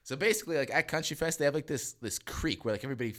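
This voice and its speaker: A man's voice: on the high side, rapid-fire, fairly bright tone. A young man from Manitoba, Canada, co-hosting a podcast and telling stories in a casual, profane, rambling way. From Selkirk, Manitoba, Canada. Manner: profane, rambling storyteller with many restarts. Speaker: podcast co-host. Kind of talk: casual chat.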